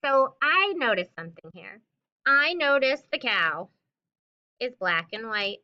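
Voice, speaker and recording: Lively high-voiced woman teacher reading aloud. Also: measured pace, highs cut off. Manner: expressive storybook reading, animal sounds. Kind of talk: reading a picture book aloud to children.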